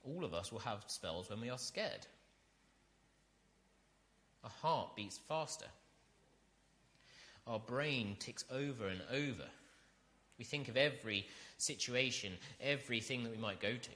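A man preaching a sermon, earnest and direct, asking his listeners questions and building to loud, emphatic peaks. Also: medium pitch, expressive, measured pace, long pauses. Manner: asks the congregation rhetorical questions.

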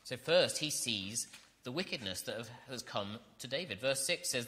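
A man's voice: mid-range voice, expressive, moderate pace, pushed and bright. A man preaching an earnest sermon, reading scripture and building to emphatic repetition.

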